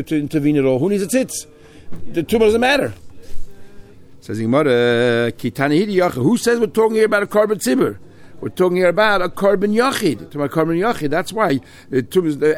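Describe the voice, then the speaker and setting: A man's voice: medium pitch, darkish tone. Guy teaching talmud, reads a line then explains it, lots of restarts. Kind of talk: Talmud lesson, mixing Hebrew-Aramaic terms and English.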